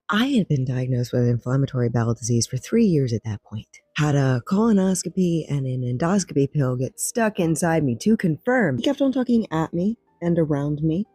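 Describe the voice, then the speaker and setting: A young woman telling personal stories in a soft-spoken, wry ASMR storytelling style. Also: rumbling low, breathy edge, dry recording, rough recording.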